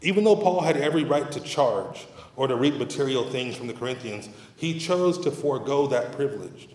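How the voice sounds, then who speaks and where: A man's voice: mid-range voice, expressive, a little fast, a little mellow. A middle-aged man preaching a sermon as pastor, in a conversational, humorous and emphatic manner, in a church sanctuary. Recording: roomy hall reverb.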